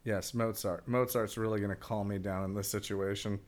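Snarky, deadpan man riffing on a film. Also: fairly low pitch, normal speed. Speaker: podcast co-host. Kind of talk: casual movie watchalong commentary.

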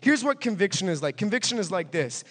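A pastor preaching an emphatic sermon and driving points home with repetition and questions to the congregation. His voice sits high for a man. It rings with the long reverb of a big hall. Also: sing-song, fast talker, fairly bright tone, breathy edge.

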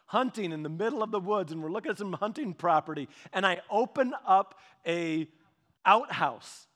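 A man preaching a sermon, telling stories with lively repetitions and restarts. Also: high voice, normal speed. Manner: animated storytelling with repetitions and restarts. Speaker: pastor. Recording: long hall reverb.

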